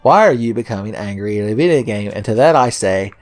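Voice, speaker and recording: A man's voice: on the low side, expressive, fast talker, faint music behind. A man hosting a video game let's play, ranting at a puzzle in a sarcastic, swearing, mock-exasperated way. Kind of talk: casual gameplay commentary.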